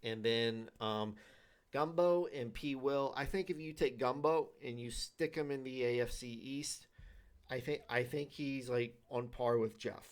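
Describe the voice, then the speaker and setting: A man's voice: mid-range voice, unhurried. A man hosting a league show, giving his predictions in loose, repetitive casual talk with many fillers and restarts.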